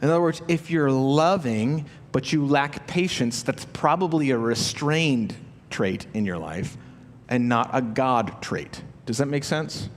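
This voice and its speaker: A man's voice: mid-range voice, a little slow, in a large hall, slight background noise. A man preaching a sermon as a pastor, talking conversationally with rhetorical questions and acting out the inner voices of his listeners. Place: church auditorium.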